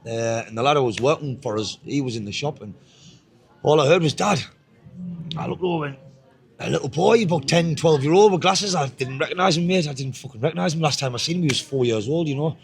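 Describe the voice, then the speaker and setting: A husky, mid-range male voice with a Northeast English accent belongs to a guest from Northeast England sharing his life story casually. Blunt in manner, he swears a lot and frequently repeats himself.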